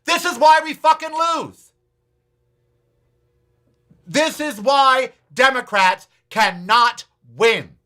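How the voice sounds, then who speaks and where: A man's voice: extremely high pitch, takes it slowly, pauses often, bright, forceful tone. A man hosting a political talk show, ranting with profanity, sarcasm and repeated challenges to his audience. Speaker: podcast host.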